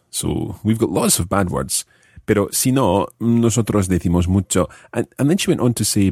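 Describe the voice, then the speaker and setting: Male podcast language teacher, low husky voice, dry close mic, patient explainer. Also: darkish tone, dry recording. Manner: explains slowly, repeats example phrases.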